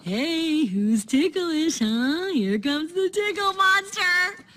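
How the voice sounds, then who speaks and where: Perky, bright-voiced cartoon Joy. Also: female voice, very high voice, expressive, slow, full character voice. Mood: coaxing. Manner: upbeat, coaxing, bouncy. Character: perky relentlessly optimistic female emotion. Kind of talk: animated film dialogue.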